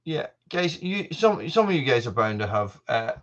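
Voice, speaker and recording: A man's voice: mid-range voice, sing-song, moderate pace, fairly bright tone, lo-fi sound. An Irish man hosting a live stream, chatting casually while reading viewer comments, often restarting his sentences. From Ireland. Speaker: channel host.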